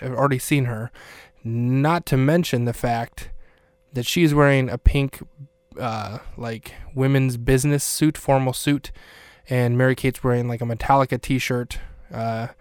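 A man hosting a podcast, recapping a scene in a casual way with wry, deadpan asides. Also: mid-range voice, clean tone, no room sound. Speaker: podcast host.

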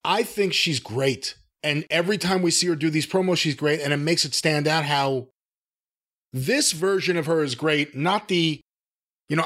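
A man with a slightly high voice co-hosts a podcast, chatting frankly and eagerly with casual swearing. He speaks in a relaxed, conversational way. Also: moderate pace. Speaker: podcast co-host.

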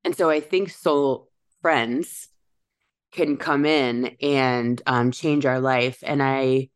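A woman with a strikingly deep voice talks through spiritual ideas in a relaxed podcast chat. She muses aloud and slows down to stress the words that matter. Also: clean tone. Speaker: podcast host.

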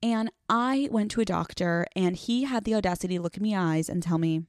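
A woman's voice: on the low side, brisk, darkish tone, no room sound. Profane, candid woman podcaster, dry close sound. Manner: candid, profane and self-mocking, with lots of fillers. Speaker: podcast host. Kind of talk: casual solo podcast rant.

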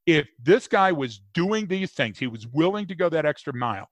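A man with a fairly high voice co-hosts a conversational podcast, joking and rambling as he restarts his sentences. The sound is dry and close. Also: big pitch swings, moderate pace, dry recording. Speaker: podcast co-host.

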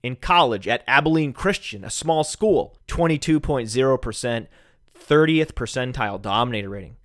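A man hosting a sports podcast alone, sarcastic and mock-calm, who keeps bursting into shouts. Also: medium pitch, normal speed, dry recording, clean studio sound. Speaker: fantasy football podcast host. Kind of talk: sarcastic solo podcast rant. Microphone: studio microphone.

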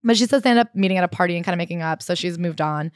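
A woman's voice: fairly low pitch, racing, dry recording, clean studio sound. A woman co-hosting a casual book-review chat, recapping the story and dropping wry asides. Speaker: podcast co-host.

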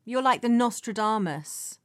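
A woman's voice: a little high, animated, a little slow, a bit bright. Playful, giggly woman. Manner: giggly, playful, reads listener questions. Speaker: podcast co-host. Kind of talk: casual chat.

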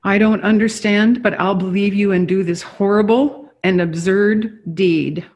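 Reader voicing an appalled man refusing, disgusted, slow deliberate reading, middle pitch. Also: fairly even intonation, a little mellow, lightly acted. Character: man in a horrific vision, reluctant and appalled. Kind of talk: reading dialogue aloud from a book.

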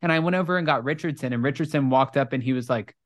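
A woman spins a gossipy story in relaxed, casual chat, sprinkling "like" through every line and swearing freely. The sound is dry and close, with no room echo, and she acts out each person she quotes. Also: fast. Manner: animated storyteller, acts out quotes in high voices; frequent "like" fillers, swears casually.

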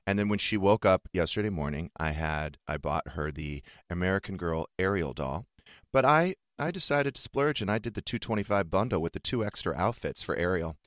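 Brief: middle-aged male radio host, very low voice, dry studio sound, animated storyteller. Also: a little fast, no room sound. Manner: animated storyteller, acts out quotes. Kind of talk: casual chat.

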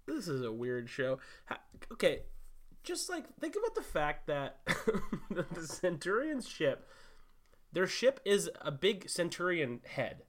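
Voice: medium pitch, wildly swooping pitch. A young adult co-hosting a podcast, joking playfully and laughing often in casual chat. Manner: playful, laughs often, quick jokey interjections. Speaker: podcast co-host.

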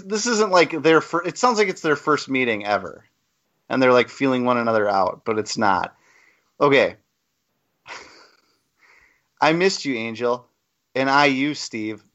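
A man's voice: mid-range voice, a bit bright, dull audio. A man co-hosting a casual podcast, reading comic dialogue aloud and mocking it with laughter. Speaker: podcast co-host. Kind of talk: casual chat.

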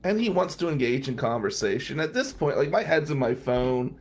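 A man's voice: mid-range voice, fairly quick. A man from New Jersey spins a casual story as a podcast host. He talks wryly and drops in the odd curse, with an everyday mid-range voice. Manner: wry, profane, animated anecdotes. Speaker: podcast host and defense lawyer.

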